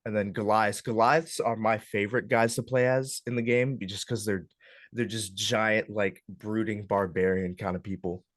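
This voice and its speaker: Low-voiced young man teaching, lots of ums. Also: moderate pace, no echo, studio quality. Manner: relaxed, hesitant, lots of ums and uhs. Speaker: club workshop instructor. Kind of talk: casual classroom walkthrough. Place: classroom.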